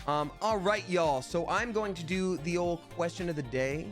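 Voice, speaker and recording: A man's voice: sits high, normal speed, soft background music. A man streaming live, chatting casually in a playful, rambling way and reading viewers' names aloud. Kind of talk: casual livestream chat.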